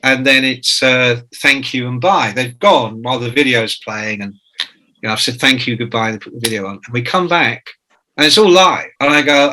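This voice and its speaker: Male guest in his 60s, swears freely, acts out quotes, bright crisp tone; fits an interview guest. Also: medium pitch, moderate pace, poor audio. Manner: profane, jokey storyteller who acts out quotes. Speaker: author and guest. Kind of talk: anecdotal interview talk.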